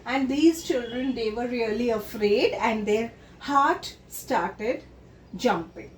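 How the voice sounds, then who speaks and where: Patient and slow, a high-voiced woman explains a story to children and goes over what its words mean. She's recorded at some distance in a room with noticeable echo and a faint noise in the background.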